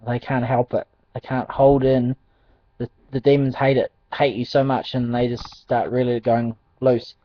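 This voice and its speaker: A man's voice: medium pitch, little pitch movement, normal speed. A man telling a personal faith testimony in a rambling, hesitant way, full of ums and restarts and frequent chuckles. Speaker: Christian testimony speaker. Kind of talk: casual spoken testimony. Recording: dull dry lo-fi recording.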